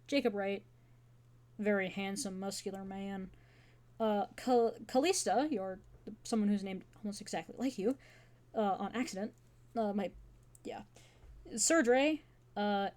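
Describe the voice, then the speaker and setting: A woman's voice: mid-range voice, a little mellow. A woman running a tabletop one-shot as game master, rambling with joking asides.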